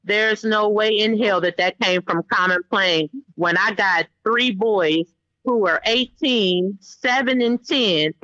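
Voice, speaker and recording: Outspoken mother in her thirties, profane and animated; bright voice on a dull, lo-fi line. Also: medium pitch, slow pace, no room sound. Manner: blunt, profane, animated storytelling with voiced quotes. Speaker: interview guest, mother. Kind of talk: casual phone interview.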